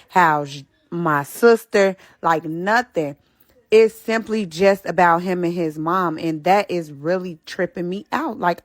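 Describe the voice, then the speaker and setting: Female storyteller, low voice, frustrated and emphatic, dry recording. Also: no room sound. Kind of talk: storytime recounting.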